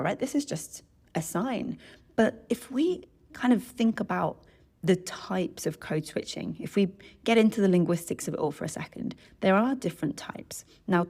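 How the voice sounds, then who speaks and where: A woman language coach talking through a topic in a relaxed, chatty way, often checking in with "right?" and correcting herself as she goes. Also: fairly low pitch. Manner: chatty, self-correcting, tags sentences with "right?". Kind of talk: solo educational podcast talk.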